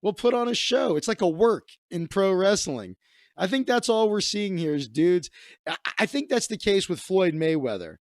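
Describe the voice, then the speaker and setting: A man's voice: sits high, big pitch swings, normal speed, darkish tone, dry recording, studio quality. A man hosting a comedy show, telling a rambling story in a casual monologue with asides and laughter. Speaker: comedian host.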